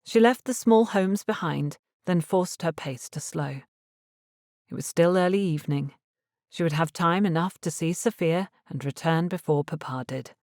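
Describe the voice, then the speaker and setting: A woman reading a romance novel aloud as an audiobook narrator in a measured, even storytelling manner. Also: on the low side, dry recording, studio quality. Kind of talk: scripted narration.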